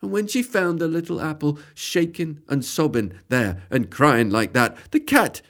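Slow, sing-song children's storyteller. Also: medium pitch. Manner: expressive, lilting, repeats phrases for effect.

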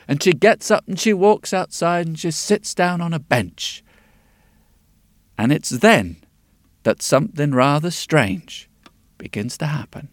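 A man telling a folk tale in a rhythmic, lilting way, dropping to hushed tones at times. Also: fairly high pitch, expressive, unhurried, no echo, studio quality. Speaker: storyteller.

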